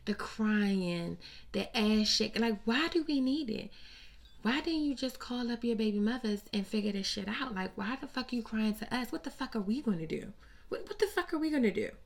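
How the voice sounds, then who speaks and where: Gravelly, blunt woman dishing gossip. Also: a little high, moderate pace. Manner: blunt, profane, animated and sassy. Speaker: host. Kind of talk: casual celebrity gossip commentary.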